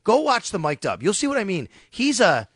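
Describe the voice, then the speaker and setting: A man talking sports on the radio in an animated, storytelling way, acting out quotes as he goes. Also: high voice, brisk, husky, no room sound. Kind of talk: casual sports radio chat.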